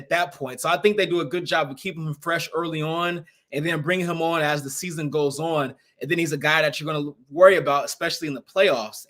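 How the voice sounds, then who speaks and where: A man's voice: fairly high pitch, a bit bright. A young man co-hosting a sports podcast, casual and leaning on filler words. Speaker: podcast co-host.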